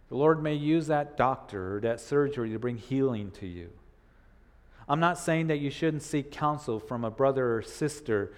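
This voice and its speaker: A man preaching a sermon in earnest, repeating phrases and voicing the doubts of his listeners. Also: medium pitch. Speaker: pastor. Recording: long hall reverb.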